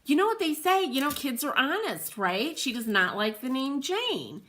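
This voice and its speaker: A woman's voice: sits high, sing-song, normal speed, a bit bright, slight background noise. A middle-aged woman hosting a livestream, chatting in a rambling way, laughing often and calling out viewers by name. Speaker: host of a furniture painting livestream.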